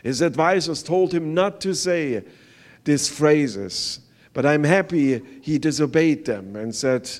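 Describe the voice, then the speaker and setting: An older man with a German accent giving an earnest sermon testimony as a visiting pastor, speaking halting English with many fillers. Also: fairly high pitch, lively intonation.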